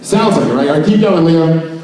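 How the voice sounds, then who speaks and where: Speaking briskly in a slightly high voice with a darkish tone, a trade-expo presenter leads a tongue-in-cheek seminar and coaxes the crowd into echoing his words. The recording captures him distantly in a big, echoing expo hall full of people.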